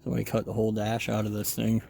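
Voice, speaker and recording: A man's voice: lowish voice, completely flat delivery, rapid-fire, vocal fry, warm tone, a little hiss or hum. A man giving casual walk-around commentary at an outdoor junkyard, muttering running remarks to himself as he browses. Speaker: car hobbyist vlogger.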